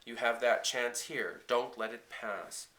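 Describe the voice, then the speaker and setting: Male reader doing a calm, kind farm wife from a storybook, bright tone, steady and unhurried. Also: medium pitch, echoey room. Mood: tender, firm. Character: gentle, steady farm woman, stepmother.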